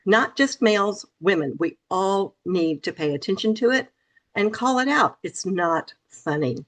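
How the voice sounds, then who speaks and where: A woman's voice: mid-range voice, lively intonation, moderate pace. A middle-aged woman from Memphis, Tennessee, speaking as an author guest in an interview, earnest and emphatic, repeating phrases for stress. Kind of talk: interview conversation.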